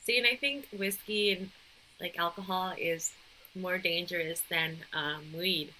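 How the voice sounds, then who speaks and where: Podcast co-host, young woman, bright tone, teasing and easygoing. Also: on the low side, steady tone, unhurried, poor audio. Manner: playful, teasing. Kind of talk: casual chat.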